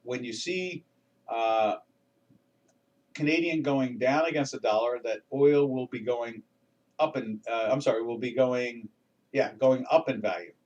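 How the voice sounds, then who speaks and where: A man's voice: mid-range voice, unhurried, darkish tone, dull audio. Older guy rambling thru his trading charts live, folksy, kinda far off the mic. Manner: rambling, folksy, with frequent restarts and fillers. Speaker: trading webinar host. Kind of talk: casual live market commentary.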